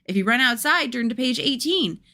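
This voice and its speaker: A playful young woman chats casually and reads a spooky storybook aloud on a stream. Her voice is lively and swoops up and down as she talks. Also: on the high side, brisk. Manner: chatty, playful, breaks off to coo at her cats. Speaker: livestream host reading a book aloud.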